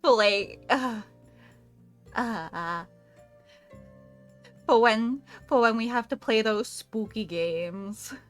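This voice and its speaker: A woman's voice: on the high side, slow, pauses often, soft background music. A woman streamer chatting live with her viewers, playful and giggly, laughing often between lines.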